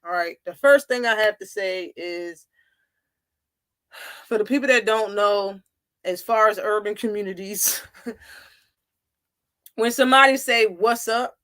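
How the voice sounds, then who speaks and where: A young adult woman hosting a casual live commentary show, opinionated and animated, acting out quoted lines as she tells them. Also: medium pitch, measured pace, long pauses, no room sound. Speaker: host.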